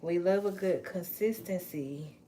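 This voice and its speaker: A woman chatting casually on a livestream, playful and drawn-out, while washing dishes at home. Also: fairly low pitch, warm tone, slight background noise. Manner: chatty, playful, drawn-out words, Southern US slang. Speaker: vlogger. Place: home kitchen.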